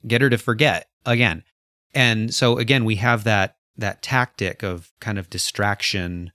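A man with a fairly low voice talks through a story in a casual book chat. He retells the scenes with animation and plays out the lines himself. The sound is dry and close. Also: a little slow, dry recording. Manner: animated storyteller, acts out quotes. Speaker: podcast co-host.

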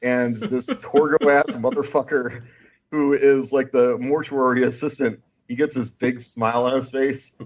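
A man co-hosting a casual chat, retelling film scenes with lively, swearing energy. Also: medium pitch, moderate pace, dull audio. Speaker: podcast co-host and film reviewer.

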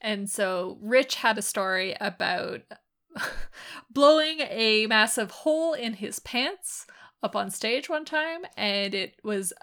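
A woman co-hosting a podcast in casual chat, telling stories with a frequent "like". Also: medium pitch. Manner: animated storyteller, frequent "like". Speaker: podcast co-host.

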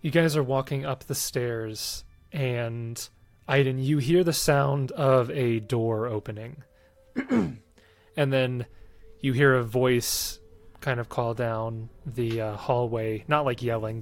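A man narrating as game master, relaxed and hesitant, with many fillers. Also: mid-range voice.

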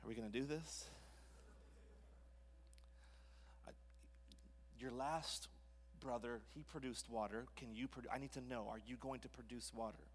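A man acting out a flustered, stammering Moses, who turns into an excited crowd-rousing speaker. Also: medium pitch, normal speed, few pauses, long reverb tail, slight background noise, voice pushed down, close to an everyday voice. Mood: worried. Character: anxious, stammering biblical leader Moses, man.

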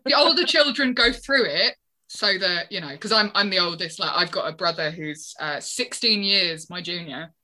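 A woman's voice: on the low side, normal speed, pushed and bright. A woman chatting casually as a podcast co-host, laughing often and swearing freely. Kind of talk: casual chat.

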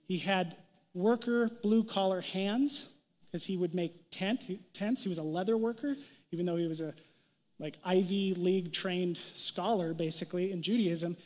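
A young adult man preaches in a light, conversational way, with a fairly high voice. Short bits of quoted dialogue get their own voices, and his words carry a long reverb through a large hall. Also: normal speed, darkish tone. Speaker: pastor. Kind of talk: sermon.

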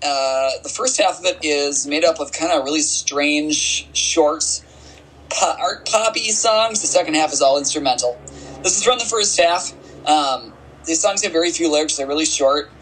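A man's voice: fairly high pitch, normal speed, fairly bright tone, a little hiss or hum, poor audio. A man co-hosting a podcast, chatting casually about music in a wry, teasing way and laughing a lot. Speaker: podcast co-host.

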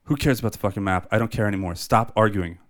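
A man's voice: lowish voice, quick pace. A man co-hosting a podcast in casual chat, ranting and swearing as he talks. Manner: ranting, profane, animated. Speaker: podcast co-host.

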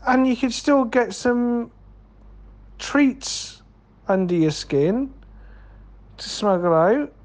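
Slow, meandering co-host who swears casually and says mate a lot. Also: male voice, extremely high pitch, expressive, darkish tone. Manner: rambling, swearing, calls people mate. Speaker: podcast co-host. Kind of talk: comedic banter.

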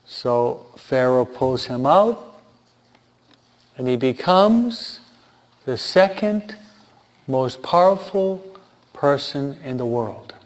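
Slow, questioning man teaching the Bible. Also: mid-range voice, expressive. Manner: asks listeners rhetorical questions, adds "huh?"; repeats key points for emphasis. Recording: dull lo-fi recording.

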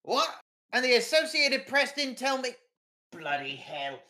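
A man voicing a gruff, cigar-chomping newspaper editor who is blustery and excitable. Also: fairly high pitch, normal speed, voice pushed up.

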